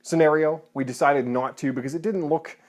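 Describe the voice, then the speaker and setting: A man's voice: a little high, steady tone, brisk, darkish tone. Matter-of-fact guy explaining his army. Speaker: co-host. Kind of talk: casual tabletop game chat. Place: basement.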